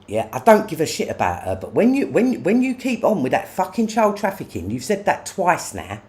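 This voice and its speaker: In an angry livestream rant, a speaker curses and goes after others, repeatedly ending lines with "yeah?" The voice is medium-pitched with wildly swooping intonation, a moderate pace and a darkish tone.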